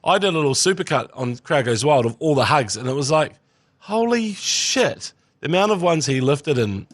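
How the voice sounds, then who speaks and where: A man with a New Zealand accent co-hosting a casual podcast chat, sweary and animated. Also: mid-range voice, fast, dry recording, studio quality. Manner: sweary, animated, jokes in put-on voices. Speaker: podcast co-host.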